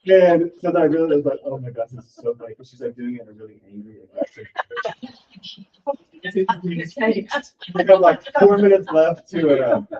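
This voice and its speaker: A man's voice: fairly high pitch, moderate pace, slight background noise. A man leading a real estate team meeting, talking casually and rambling with lots of "like" as he encourages his team. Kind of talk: motivational talk at a team meeting. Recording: distant, dull lo-fi room recording.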